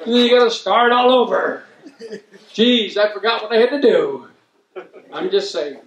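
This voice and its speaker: A man's voice: high voice, normal speed, highs cut off. A man doing a rambling, self-mocking stand-up set at a community event. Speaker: stand-up comedian. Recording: roomy hall, mic heard from a distance.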